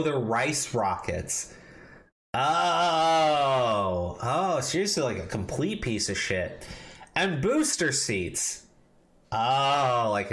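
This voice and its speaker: A man with a medium-pitched, somewhat bright voice co-hosts a casual commentary podcast. He reads an article aloud, stopping to swear and react in disbelief.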